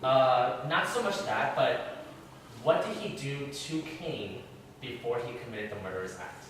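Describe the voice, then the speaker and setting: A man's voice: mid-range voice, lively intonation, unhurried, a little hiss or hum. A man leading an interactive Bible class in a church room, questioning his listeners in a chatty way. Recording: very echoey room, far from mic.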